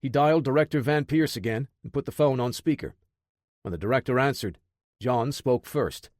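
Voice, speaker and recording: A man narrating an action audiobook in a steady, measured voice. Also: medium pitch, no echo, clean studio sound.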